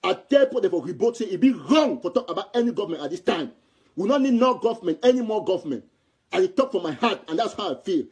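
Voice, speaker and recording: A man's voice: high voice, very animated, fast, a little mellow, slightly rough. A man from Southern Cameroon speaking Cameroonian Pidgin English, giving an impassioned political commentary in a heated, repetitive way.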